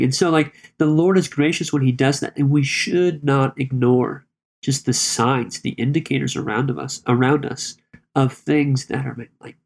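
Casting: man, mid-pitched, conversational Bible discussion, loose and halting delivery. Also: steady tone, gravelly. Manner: conversational, halting, with many restarts. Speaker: Bible study co-host.

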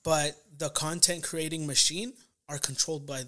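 A man's voice: a little high, fairly even intonation, normal speed, sharp tone. A young man chatting casually as a podcast guest, rambling and often stopping to search for words. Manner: rambling, often stalls with "what do you call it". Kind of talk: casual chat.

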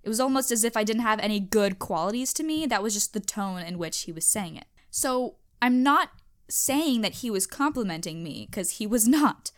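A young woman hosting a podcast, chatting casually and emphatically on her own, animated and self-reflective. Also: mid-range voice, normal speed. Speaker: podcast host. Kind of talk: casual solo chat.

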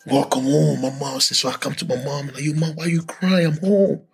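A man on a podcast telling a hard personal story with lots of emotion, acting out other people's voices in loud high bursts. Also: brisk, vocal fry, husky. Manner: animated, acts out voices and shouts in high bursts. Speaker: podcast guest sharing his story.

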